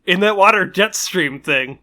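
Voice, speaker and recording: A man's voice: high-pitched, lively intonation, measured pace, pushed and bright. A man co-hosting a podcast in casual chat, joking and teasing the others. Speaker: podcast co-host and editor.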